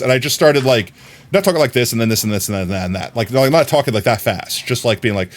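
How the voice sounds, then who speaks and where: A man's voice: mid-range voice, quick pace. A man with a mild New York accent, chatting casually as a streamer while he plays, rambling, repeating words and laughing often. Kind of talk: casual chat while gaming.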